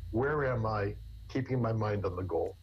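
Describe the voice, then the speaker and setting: A man's voice: on the low side, normal speed, dull audio, a little hiss or hum. A man, a therapist, explaining in conversation with everyday examples in an earnest way. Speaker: therapist guest. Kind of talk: conversational interview answers.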